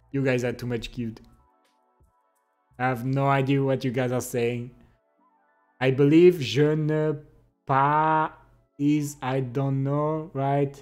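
A man's voice: mid-range voice, flat delivery, a little mellow, clean tone, soft background music. A young man with a French accent, a live streamer chatting casually and reading comments, laughing often and teasing playfully. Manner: laughs often, playful and teasing, speaks English with pauses and restarts. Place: home streaming setup.

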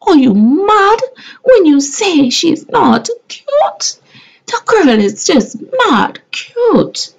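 A woman's voice: very high voice, very animated, drawn-out words, vocal fry, pitched above the performer's own voice, full character voice. A woman voicing a melodramatic, gushing narrator with a theatrical, sobbing delivery. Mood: sassy. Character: melodramatic gushing woman doing a tearful, over-the-top voice-over. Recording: dull lo-fi sound.

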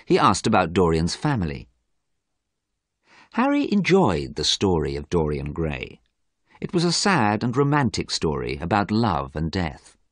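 A man narrates a graded-reader story at an even, careful pace. His voice sits low but moves a lot in pitch, with a slightly husky edge. The sound is close and dry. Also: measured pace, no room sound. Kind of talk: scripted audiobook narration for learners.

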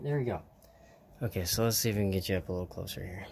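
A low-pitched man walks through a hands-on build in a loose, rambling way, half talking to himself and trailing off mid-thought. He sounds tired. The camera mic picks up a clear, steady hiss of background noise. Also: quick pace. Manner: rambling, talks to himself while working, trails off. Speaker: hobbyist showing a model truck build. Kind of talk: casual hands-on tutorial.

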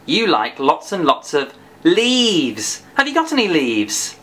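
Low-voiced, lively woman teacher. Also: slow pace. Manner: chatty, teasing teacher talking to a puppet. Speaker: children's phonics presenter. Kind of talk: playful children's phonics lesson.

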